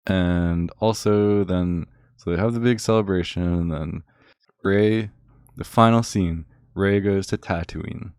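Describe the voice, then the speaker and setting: A man's voice: sits low, slow pace, a little mellow, clear, resonant tone, dry recording, clean studio sound. A man ranting casually and sarcastically to a friend, rambling with lots of filler words. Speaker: channel host.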